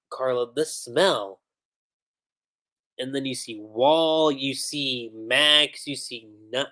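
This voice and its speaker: A man's voice: mid-range voice, pushed and bright. A man casually recapping an anime episode on a livestream, retelling scenes and quoting the characters as he goes. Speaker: anime reviewer.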